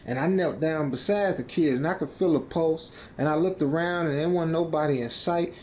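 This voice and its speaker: A man's voice: fairly high pitch, normal speed, hardly any pauses, a little mellow, a little hiss or hum. A man narrating a horror story as a rambling, stammering speaker who keeps ending phrases with "man".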